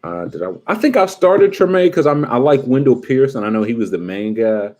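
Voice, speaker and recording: A man casually chatting with his livestream viewers, joking around and breaking into quick impressions. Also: medium pitch, expressive, a little mellow.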